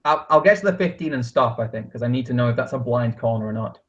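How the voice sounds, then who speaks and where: A man's voice: medium pitch, lively intonation, quick pace, lo-fi sound. A man playing a tabletop game, talking in a hesitant, casual way. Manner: hesitant, full of ums and restarts. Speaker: player.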